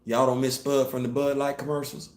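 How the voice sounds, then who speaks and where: Male host, casual commentary, emphatic delivery climbing to loud peaks, mid-pitched voice, echoey room. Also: little pitch movement, a little fast. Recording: roomy echo.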